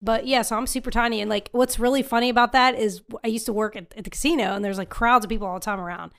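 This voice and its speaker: A woman chatting casually as a podcast co-host, talkative and quick to laugh. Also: on the high side, steady tone. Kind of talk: casual chat.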